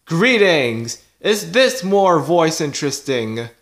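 A man voicing a boastful robot cat from the future in a plushie comedy video, talking in a slow, halting way and making clicking "ch ch" noises. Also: fairly high pitch, big pitch swings, fairly bright tone, full character voice. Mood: showing off.

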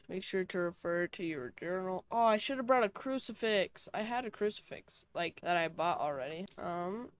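A young woman giving nervous, chatty commentary while playing a horror game alone, with jumpy reactions. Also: medium pitch. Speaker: gaming YouTuber.

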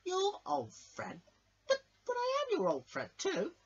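A man voicing an excitable, jealous male bandicoot in a homemade toy show, squeaky and yelping. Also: unhurried, vocal fry, highs cut off, full character voice. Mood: panicked.

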